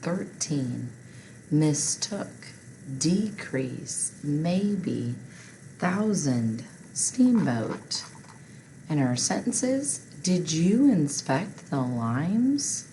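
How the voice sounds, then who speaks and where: A woman's voice: low voice, very animated, very slow, dark tone, a little hiss or hum, rough recording. A woman teacher leading a phonics spelling lesson for children, patient and encouraging.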